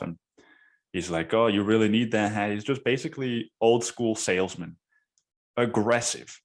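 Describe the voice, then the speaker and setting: Man, low voice, casual podcast monologue, swears a lot, keeps saying dude. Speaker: podcast host.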